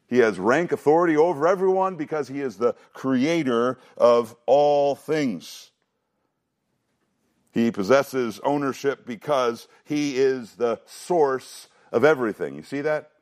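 Male pastor, mid-pitched voice, emphatic sermon delivery, fast asides and slow stressed lines. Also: darkish tone. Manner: emphatic, shifting between quick asides and slow stressed phrases; repeats and restarts phrases for emphasis. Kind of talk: expository sermon.

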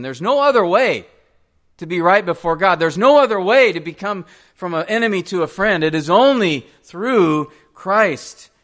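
Earnest higher-voiced male pastor preaching. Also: a bit bright. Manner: earnest, pleading direct questions to the congregation. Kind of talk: sermon. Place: church.

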